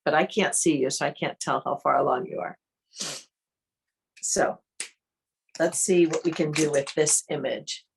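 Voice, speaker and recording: A woman with a notably low voice leads an art workshop in a slow, unhurried way. She talks through each step calmly as she demonstrates it. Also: creaky, a little hiss or hum. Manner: calm, unhurried, thinks aloud while demonstrating. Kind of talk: online interactive workshop teaching.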